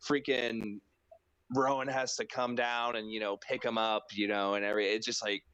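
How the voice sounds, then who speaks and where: A man co-hosting a casual wrestling podcast, talking in a loose, profane way and acting out reactions in high mock voices. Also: level tone, normal speed, a bit bright, clear, resonant tone, muffled recording. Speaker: podcast co-host.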